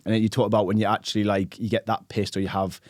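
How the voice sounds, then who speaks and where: A man in his thirties, a podcast guest telling stories in a rapid, animated way, acting out voices and swearing casually. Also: lowish voice, no echo, studio quality.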